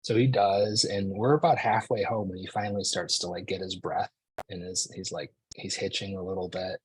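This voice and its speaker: A man's voice: low voice, steady tone, normal speed, slightly rough, no room sound, low-quality recording. A man in his forties telling a personal story to an audience in a casual, conversational way, often saying "like" and "right?". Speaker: speaker.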